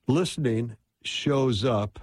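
Speaking slowly in a mid-range, darkish voice with no room sound, this man teaches relationship advice casually. His delivery is conversational and full of "right?" check-ins aimed at his audience.

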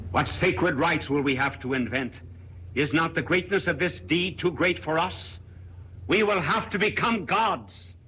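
A man voicing a frantic male madman who cries out and then sinks into hushed whispers. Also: mid-range voice, steady tone, slow pace, long pauses, slight background noise.

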